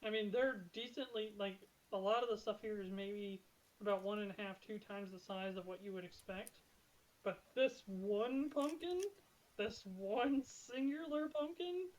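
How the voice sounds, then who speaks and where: A woman voicing a proud, smug male farmer who boasts and whispers secrets, at a middle pitch. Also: measured pace, natural voice, low-quality recording. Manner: boastful and conspiratorial.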